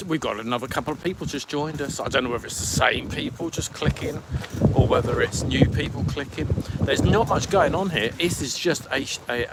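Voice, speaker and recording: A man's voice: medium pitch, heavy background noise. A man from the UK hosting a podcast live stream, chatting casually and rambling as he reads out viewer comments. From United Kingdom. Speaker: podcast host.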